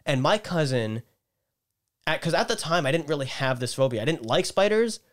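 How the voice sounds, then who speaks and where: A man casually telling a story on a podcast, animated and profane, getting loud when he acts out scenes. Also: on the high side, moderate pace.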